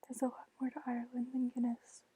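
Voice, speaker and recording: A woman in whispered role-play voicing a crude bearded man, in a soft unvoiced whisper. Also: on the high side, completely flat delivery, fairly quick, a little hiss or hum, lightly acted. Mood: gruff. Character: crude bearded male drinker.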